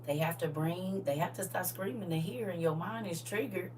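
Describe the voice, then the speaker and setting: A middle-aged woman hosting a casual livestream, talking in a lively, folksy way to her viewers and sometimes dropping to a soft whisper. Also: fairly low pitch, normal speed, few pauses. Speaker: livestream host. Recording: distant mic with faint hum.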